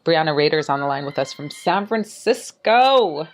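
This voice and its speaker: A woman hosting a podcast interview, bubbly and exclamatory, her voice leaping up in pitch as she gets excited. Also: normal speed. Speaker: podcast host. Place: apartment in a city, children outside.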